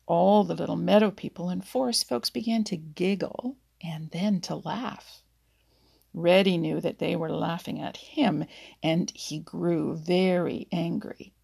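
A woman reads a children's animal story aloud in an unhurried, gentle way. Her voice is heavily gravelly and husky, with many lines drifting into a half-whisper. The pace is leisurely. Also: lowish voice.

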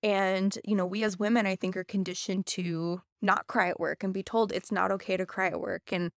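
A woman's voice: medium pitch, fairly even intonation, normal speed, creaky, no echo, studio quality. Earnest woman telling a personal story. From United States. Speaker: podcast co-host. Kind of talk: casual chat, personal story.

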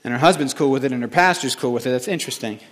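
A male pastor giving a conversational sermon that swings between quiet, reflective passages and emphatic building moments. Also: mid-range voice, racing.

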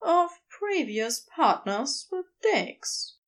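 A woman narrating a story in a lively, expressive voice that rises and falls a lot. She sits fairly high and takes her time over the words. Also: drawn-out words. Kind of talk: scripted narration.

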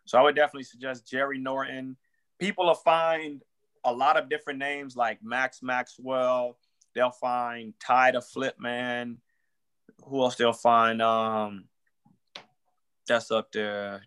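A man's voice: medium pitch, little pitch movement, a little slow, fairly bright tone, clear, resonant tone. A man, a real estate wholesaler, chatting casually on a podcast in loose slang and acting out sample phone calls.

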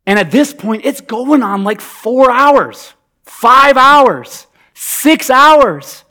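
A man's voice: extremely high pitch, lively intonation, very slow, pushed and bright. A man preaching a sermon in a conversational, humorous, emphatic way. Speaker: pastor.

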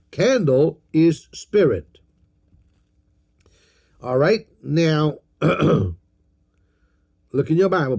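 A man's voice: fairly high pitch, a little mellow. A man preaching a sermon, reading scripture aloud, repeating key phrases and calling on the congregation to answer back. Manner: slow and emphatic, reads scripture aloud. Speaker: pastor.

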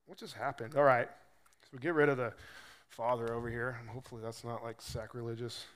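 A man's voice: medium pitch, level tone, a little fast, fairly bright tone. A man preaching a sermon in a loose, conversational way, acting out quoted voices as he explains scripture. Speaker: pastor.

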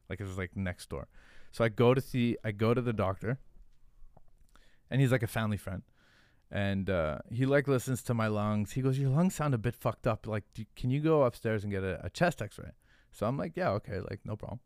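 Guesting on a podcast, a man who founded a hot sauce company spins a loose, cursing story, leaning heavily on the word "like." He has a smooth, fairly low voice, captured in clean studio sound with no room sound.

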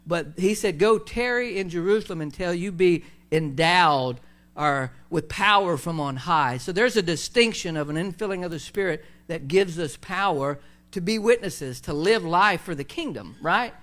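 Male pastor, high-pitched, informal preaching style with fillers. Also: lively intonation, moderate pace, fairly bright tone. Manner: conversational preaching with many fillers and restarts. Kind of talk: sermon.

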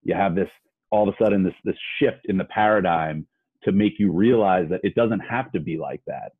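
Very deep-voiced man over a tinny line. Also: a little fast, husky, dry recording. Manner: rambling, repeats words while finding his point. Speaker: host. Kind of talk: casual interview chat.

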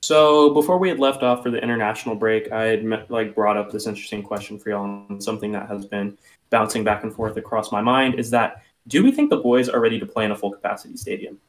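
A man's voice: on the low side, fast. A man co-hosting a casual sports podcast who gives candid opinions and swears casually. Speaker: podcast co-host.

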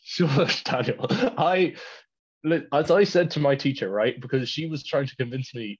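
A man's voice: mid-range voice, moderate pace, husky. Irish teen guy rambling on, giggles a lot, muffled lo-fi audio. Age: teens. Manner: rambling storyteller, laughs mid-sentence. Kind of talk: casual chat. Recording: dull lo-fi sound.

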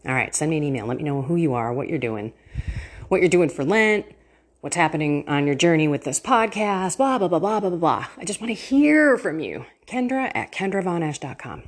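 Lady with a low husky voice, chatty faith podcast host, earnest, laughs a lot. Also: very animated, fairly quick. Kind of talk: casual faith podcast talk.

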